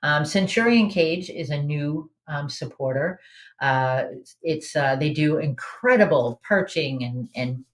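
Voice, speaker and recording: A woman's voice: low-pitched, lively intonation, measured pace. A woman hosting a live online trivia game in a casual, chatty way, reading out answer options and laughing often. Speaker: trivia host.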